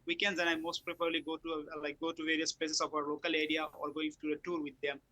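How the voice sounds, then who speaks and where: Bright, hesitant young man. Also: a little high, flat delivery, fast, dry recording, low-quality recording. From Bangladesh. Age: young adult. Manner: hesitant, searching for words. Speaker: test candidate. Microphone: video call.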